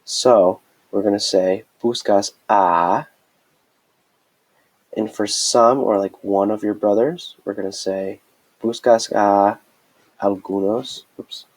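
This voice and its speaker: A man's voice: lowish voice, fairly even intonation, slow pace, a little mellow, poor audio. A man teaching a Spanish grammar lesson in a recorded screencast, chatty and explaining step by step with frequent checks.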